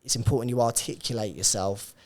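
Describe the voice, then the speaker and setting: A man's voice: mid-range voice, steady tone, a little fast. A man co-hosting a podcast, telling stories in casual, chatty talk with the odd swear word. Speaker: podcast co-host.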